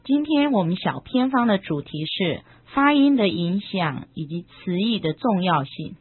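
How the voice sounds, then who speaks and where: A woman co-hosting a lesson, explaining it in a chatty way with drawn-out little particles at the ends of her phrases. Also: medium pitch, sing-song, husky, no room sound. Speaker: co-host translating the lesson. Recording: tinny narrow-band radio sound.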